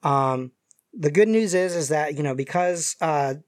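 A man running a tabletop game, narrating the scene with lots of pauses and fillers. His voice sits a bit high, and the recording is dry and close. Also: animated, no echo. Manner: hesitant, many fillers. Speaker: game master.

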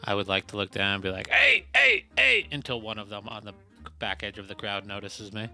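A man's voice: fairly low pitch, completely flat delivery, fast, bright, forceful tone, soft background music. A man playing a tabletop game, casually describing what his character does. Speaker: player.

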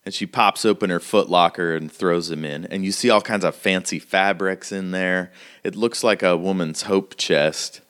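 A man's voice: sits low, fairly even intonation, normal speed, a bit bright, clear, resonant tone. A man narrating casually as game master of a tabletop role-playing game.

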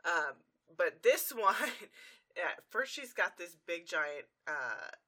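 A woman's voice: fairly low pitch, sing-song, bright, forceful tone. A woman co-hosting a podcast, recapping a cartoon episode in a chatty way. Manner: chatty narrator of the story, quick to act out lines. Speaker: podcast co-host.

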